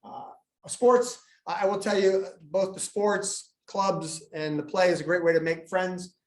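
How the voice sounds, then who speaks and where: Animated man telling school stories, echoey room. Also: sits high, a little slow. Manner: animated storyteller, jokes and acts out students. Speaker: school administrator speaking to parents. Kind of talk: live presentation to parents. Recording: echoey room, live meeting.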